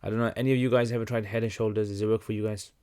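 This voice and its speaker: A young man hosting a casual livestream Q&A, talking in a relaxed, conversational way with many fillers and restarts. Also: fairly low pitch, very fast, clean tone. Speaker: livestream host answering questions.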